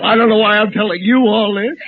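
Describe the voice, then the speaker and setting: A man's voice: high-pitched, fairly even intonation, fast talker, over loud music, natural voice. A man acting a boastful, wisecracking middle-aged husband who leads a lodge, in 1940s radio comedy. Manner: joke-telling, punchline delivery. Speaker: lodge leader called mighty potentate. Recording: dull old radio broadcast with loud studio audience.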